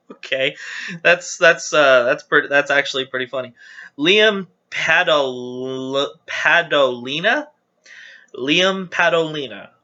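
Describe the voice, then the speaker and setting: A man's voice: mid-range voice, slow pace, sharp tone, lo-fi sound. A man hosting his channel, casually reading viewer jokes aloud with chatty, giggly, self-deprecating asides.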